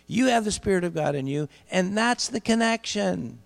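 Gravelly preacher in an echoing hall. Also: male voice, high-pitched, lively intonation. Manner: builds to loud emphatic peaks, slows for key phrases. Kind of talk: sermon storytelling. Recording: long hall reverb with mains hum.

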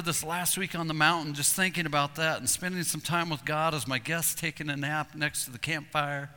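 Bright, lively man preaching in a hall. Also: on the high side, brisk, hardly any pauses. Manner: animated storytelling, acts out calls and voices. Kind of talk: sermon with hunting stories. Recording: long reverb in a hall.

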